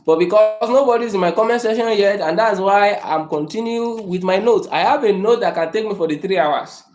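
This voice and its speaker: A man's voice: sits high, a little fast, a little mellow, reverberant. A man hosting a motivational livestream, emphatic and repetitive, talking in a room. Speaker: livestream host. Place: room indoors.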